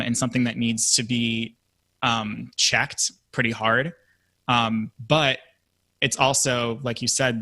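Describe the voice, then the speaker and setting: A man's voice: mid-range voice, pushed and bright, no echo. A man who is a guest on a podcast, reflecting thoughtfully in casual conversation with frequent fillers.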